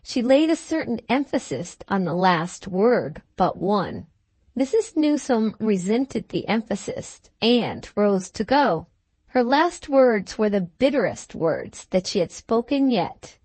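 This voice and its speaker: A woman narrating a classic short story in a measured, expressive way. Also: medium pitch, no echo. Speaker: audiobook narrator.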